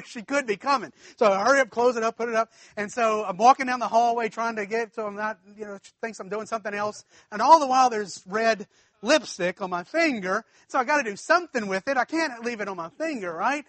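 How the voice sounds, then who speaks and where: A man with a high, bright voice tells a story from the pulpit in a folksy, chuckling way. He talks directly to his congregation, as if chatting with friends. The sound is close and dry, with no room echo. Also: fairly quick. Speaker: preacher. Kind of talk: storytelling sermon.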